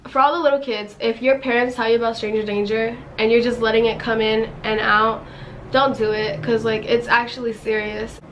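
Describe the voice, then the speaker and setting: A woman's voice: a little high, level tone, moderate pace, slight background noise, low-quality recording. Chatty young woman telling a story. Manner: chatty, lots of fillers and acted quotes. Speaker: vlogger. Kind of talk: casual storytime vlog. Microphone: camera mic.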